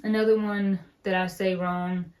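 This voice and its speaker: A woman's voice: medium pitch, flat delivery, moderate pace, darkish tone. A woman with an Appalachian accent, co-hosting a casual chat and explaining words in an easygoing way. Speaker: co-host.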